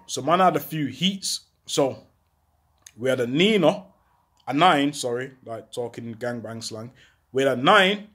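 A young man telling a street story in an animated, slang-heavy way, acting out other people's lines. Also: on the high side, breathy edge. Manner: animated, slangy, acts out voices loudly. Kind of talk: casual storytelling to camera.

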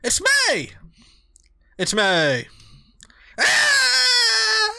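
A gamer voicing an excitable young male cat character in a video game, squealing and shouting high. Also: very slow, no echo, full character voice. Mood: overexcited.

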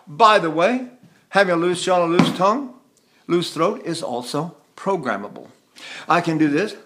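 A man's voice: fairly high pitch, animated, normal speed, noisy background. An older man from the United States giving a vocal lesson, talking in a rambling way and breaking into sung demonstrations. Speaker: voice teacher.

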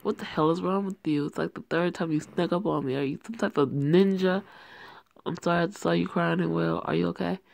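A reader voicing a concerned, gently persistent young man who works for the mafia. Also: mid-range voice, steady tone, fairly quick, creaky. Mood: persuasive.

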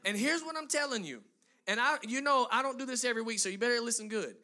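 A man's voice: very high-pitched, quick pace, bright, forceful tone. A man pastor preaching a sermon to his congregation, building emphatic lists and dropping into conversational asides.

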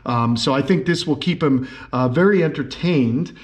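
A man hosting a reptile vlog, narrating in a casual, excitable way that sometimes tips into yelling. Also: medium pitch, normal speed. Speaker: vlog host and reptile keeper.

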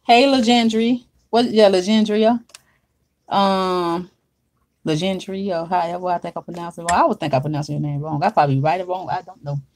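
A woman's voice: lowish voice, steady tone, fairly quick, a little mellow, a little hiss or hum. A woman hosting a casual livestream from her makeup desk at home, chatty and drawling as she greets viewers by name.

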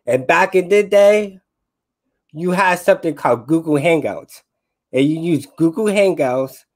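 A man in his twenties joins a panel as a guest and explains things at a very slow, unhurried pace. His voice sits a touch high, and he sounds thoughtful and conversational. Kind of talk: casual conversation.

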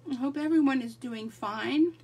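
A woman's voice: high-pitched, moderate pace, a little mellow, husky, distant mic. A middle-aged woman hosting a live crafting stream, chatting casually and greeting viewers by name. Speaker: livestream crafting host.

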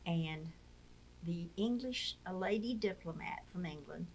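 A woman's voice: lowish voice, a little slow, a little mellow, slight background noise. An older woman, telling stories in an interview and acting out the voices she quotes. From Mississippi. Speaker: interview guest, wife of a former POW. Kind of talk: storytelling in a conversational interview.

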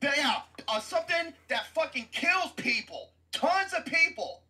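Man, podcast host, profane sports rant, loud and mocking, bright voice. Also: very high voice, lively intonation, unhurried.

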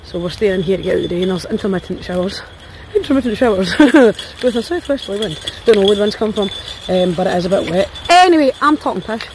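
A woman's voice: mid-range voice, expressive, quick pace, darkish tone, slight background noise, low-quality recording. A Scottish woman vlogging while walking a pack of dogs outdoors, cooing at them in a sing-song voice. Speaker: dog walker vlogger. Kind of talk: chatty narration to camera. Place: outdoors in woods on a rainy day.

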